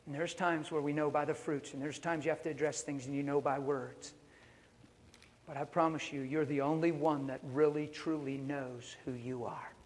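A male pastor preaching a sermon with animated storytelling and rhetorical questions. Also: on the high side, normal speed, a little hiss or hum. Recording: long reverb of a large hall.

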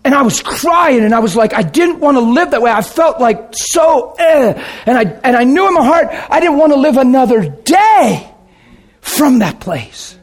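A man preaching a sermon and telling his own conversion story, emphatic and dramatic, dropping to a hush and then shouting. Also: very high voice, sing-song, normal speed. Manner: emphatic, dramatic, swings between hushed and shouting. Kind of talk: sermon with personal testimony.

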